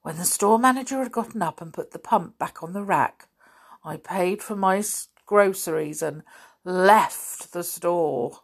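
A woman reading a story aloud, narrating with expressive, dramatic delivery. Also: lowish voice, unhurried, breathy edge.

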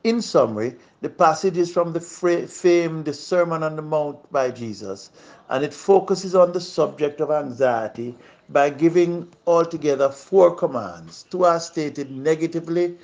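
A man giving a scripted sermon reflection, measured and solemn, building on a repeated refrain. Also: fairly high pitch, a little mellow. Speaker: preacher.

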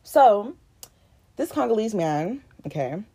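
A young woman co-hosting a podcast, talking in a heated, indignant and animated way in casual chat. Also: mid-range voice, slow pace, breathy edge. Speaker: podcast co-host.

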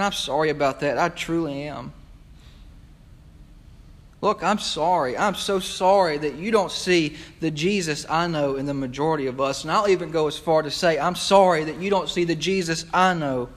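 Male pastor, passionate conversational sermon delivery, slightly high-pitched. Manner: impassioned, repetitive, conversational preaching. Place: church sanctuary.

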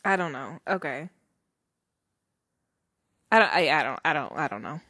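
A woman's voice: sits low, expressive, moderate pace, bright, forceful tone, no echo. A young woman hosting her own podcast from home, chatting loosely with lots of fillers, laughs and the odd swear. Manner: rambling, many fillers, swears, laughs often. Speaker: podcast host. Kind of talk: casual solo podcast chat. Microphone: handheld microphone.

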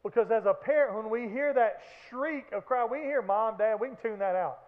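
A man preaching a sermon as pastor, animated, with acted-out shouts and joking asides. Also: sits high, moderate pace. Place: church sanctuary. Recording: echoey hall, phone-like band.

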